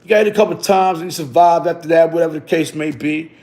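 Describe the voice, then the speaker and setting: A man's voice: on the high side, fast talker, darkish tone. A middle-aged man telling a story in casual street slang, tagging lines with "you heard?". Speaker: vlogger.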